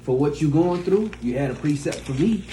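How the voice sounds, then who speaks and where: A man's voice: a little high, lively intonation, brisk. A man teaching a study group, speaking in a blunt, profane, mocking way. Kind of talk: preaching to a class. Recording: echoey room, faint background noise.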